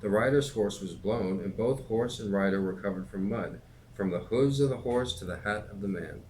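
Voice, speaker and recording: A man reads a classic novel aloud at a steady, even pace. His voice sits on the low side. Faint background hiss lies under the recording. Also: moderate pace, rough recording. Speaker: reader and teacher.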